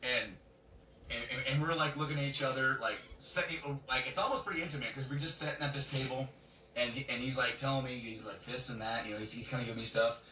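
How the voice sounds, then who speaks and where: A man co-hosting a podcast, telling a story in casual chat, animated and laughing as he acts out other people's lines. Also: medium pitch, quick pace. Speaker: podcast co-host. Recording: roomy webcam mic from a distance, faint noise.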